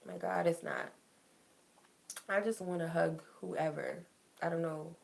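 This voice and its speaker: A woman's voice: fairly low pitch, steady tone, a little slow, vocal fry. A young woman tarot reader talking casually and emotionally to her viewers about letting go, filling her speech with "like". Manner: emotional, heartfelt, says "like" often. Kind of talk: casual spiritual talk to viewers.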